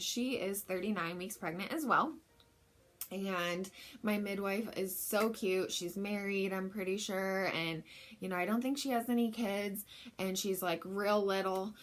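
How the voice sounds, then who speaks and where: Young woman chatting, telling her story, candid and kinda self-deprecating. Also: medium pitch. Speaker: vlogger. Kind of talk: casual storytelling.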